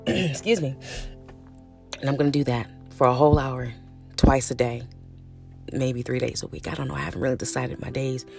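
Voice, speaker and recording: A woman's voice: extremely low pitch, moderate pace, gravelly, pauses often, faint music behind. A middle-aged woman hosting her own podcast, talking frankly in a casual, chatty way, cussing freely and calling her listeners honey and baby. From California. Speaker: podcast host. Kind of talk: casual solo podcast monologue.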